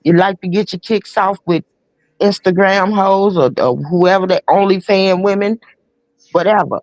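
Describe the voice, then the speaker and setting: A woman's voice: mid-range voice, normal speed, a little mellow, dry recording, lo-fi sound. Blunt woman giving opinions, dry sound. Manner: blunt and emphatic, laying out her opinion. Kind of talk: casual opinion talk.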